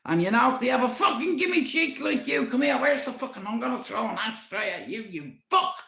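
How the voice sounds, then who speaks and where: A man's voice: high-pitched, steady tone, a little slow, vocal fry, voice pushed up, exaggerated voice. A man from Dublin voicing his strict, Bible-bashing, foul-mouthed old granny, scolding sharply. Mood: furious. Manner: scolding, sweary, raised and sharp. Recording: roomy echo.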